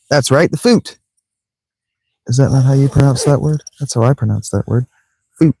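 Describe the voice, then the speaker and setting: A man with a lowish voice chatting his way through a video game, rambling and joking to himself and mangling words for fun. He talks from a sleeping bag in a tent. The sound is dry and close. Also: steady tone, normal speed, gravelly, dark tone, husky, no room sound. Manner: rambling, joking self-talk with playful mispronunciations. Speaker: let's play streamer. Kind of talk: casual gameplay commentary.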